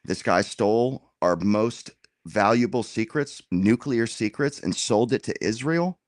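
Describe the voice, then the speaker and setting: A man in a casual political roundtable debate, talking in an animated, argumentative way and dropping slang as he makes his point. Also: fairly low pitch, unhurried, dry recording, studio quality. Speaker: roundtable guest.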